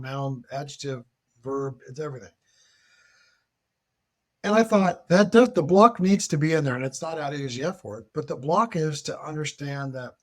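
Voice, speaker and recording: A man, a military veteran, talking on a podcast and telling stories with lively emphasis. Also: a little high, slightly rough. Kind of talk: podcast conversation.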